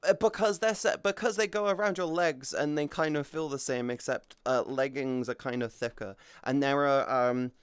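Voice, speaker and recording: A man's voice: medium pitch, moderate pace, hardly any pauses, smooth, no room sound. A British man chatting casually on a live stream, rambling and swearing as he goes, with lots of restarts, close to the mic. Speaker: VTuber streamer.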